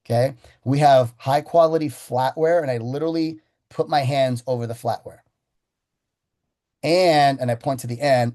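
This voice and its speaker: A man leads a sales training session, recounting how he runs a pitch and slowing right down for effect. His voice is warm and mellow and sits at an everyday middle pitch. He talks in a storytelling way, acting out his side of the conversation. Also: fairly even intonation. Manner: storytelling, acts out his sales pitch with slow deliberate pauses.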